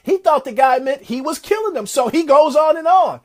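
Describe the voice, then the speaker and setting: High-voiced man telling a motivational story. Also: normal speed. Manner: animated, preacher-like retelling of a success story. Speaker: motivational speaker.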